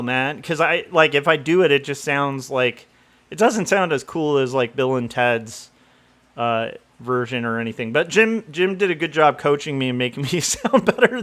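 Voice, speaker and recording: A man's voice: medium pitch, a bit bright. A middle-aged man from Southern California chatting casually on a livestream, rambling with lots of fillers and laughing at himself. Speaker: comic artist streamer.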